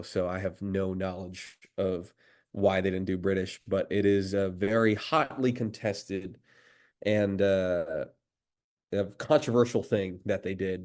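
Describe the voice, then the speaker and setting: Male voice actor guest, lowish pitch, hesitant delivery, lots of uhs and restarts. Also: a little mellow. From United States. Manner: hesitant, many fillers and restarts. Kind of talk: casual interview chat.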